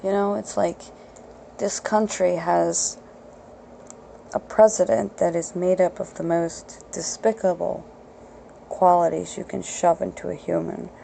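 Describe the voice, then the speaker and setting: A woman's voice: lowish voice, flat delivery, measured pace, creaky, warm tone, a little hiss or hum, poor audio. A woman hosting her own podcast, ranting bluntly and profanely in an unscripted solo talk. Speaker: podcast host.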